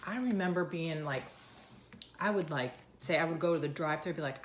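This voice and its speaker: Low-voiced chatty woman vlogger. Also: lively intonation, moderate pace, pauses often, a little hiss or hum. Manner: rambling, chatty. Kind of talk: casual chat. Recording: roomy echo.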